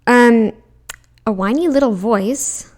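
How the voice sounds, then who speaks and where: A woman's voice: on the high side, slow pace. A woman hosting a reaction commentary, blunt and argumentative, often mocking the people she reacts to. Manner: puts on mocking voices when quoting others. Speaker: commentary channel host.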